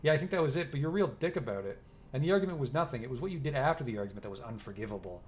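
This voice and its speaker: A man's voice: mid-range voice, animated, racing, darkish tone, close to an everyday voice. A man reading as a brash young hacker woman. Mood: earnest. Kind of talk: reading game dialogue aloud.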